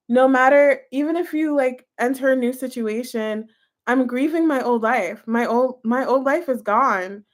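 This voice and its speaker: High-voiced gushing woman. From United States. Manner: gushing, chatty, full of "like" and "you guys". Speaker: tarot reader. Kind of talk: casual tarot reading to camera.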